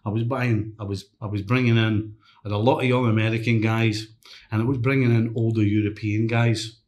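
A man's voice: fairly low pitch, brisk. Man telling stories in a roomy space. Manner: anecdotal, lively, mimics others in quotes. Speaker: podcast guest, former footballer and coach. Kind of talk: casual storytelling chat. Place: hotel room podcast set. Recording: roomy echo.

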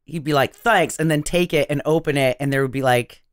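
A woman's voice: deep voice, fairly quick, dry recording, clean studio sound. Giggly, rambling woman co-host. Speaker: podcast co-host. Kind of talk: casual movie-riffing chat.

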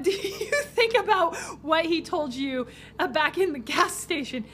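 Giggly high-voiced woman streamer. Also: expressive, measured pace, fairly bright tone, a little hiss or hum. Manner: giggly, reads game dialogue aloud playfully. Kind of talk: live gameplay commentary.

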